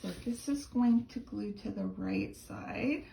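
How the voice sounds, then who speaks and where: A woman's voice: fairly high pitch, unhurried, creaky, roomy sound, background noise. A woman teaching a card-making tutorial in a chatty, enthusiastic way, gushing over the details as she works. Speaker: crafting instructor.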